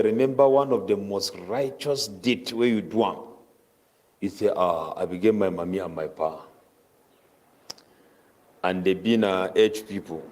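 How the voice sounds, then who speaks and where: A man preaching a Ramadan tafseer sermon in Cameroonian Pidgin English, chanting Arabic verses rapidly between his explanations. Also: fairly low pitch, darkish tone.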